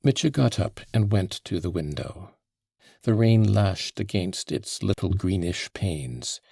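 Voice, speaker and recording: A man narrating a classic novel as an audiobook in a steady, even storytelling manner. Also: low-pitched, a little slow, gravelly, slightly rough, dry recording, clean studio sound.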